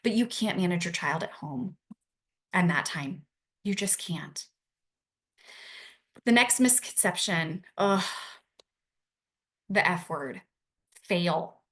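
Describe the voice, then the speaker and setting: A woman's voice: fairly low pitch, lively intonation, takes it slowly, pauses often, a bit bright. A young adult woman giving an earnest, reassuring talk to parents, repeating her key phrases. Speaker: family support speaker for parents.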